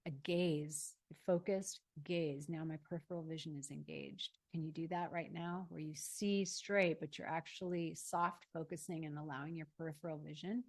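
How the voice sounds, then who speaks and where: Woman coach, fairly low voice, calm guided self-help delivery with slow pauses.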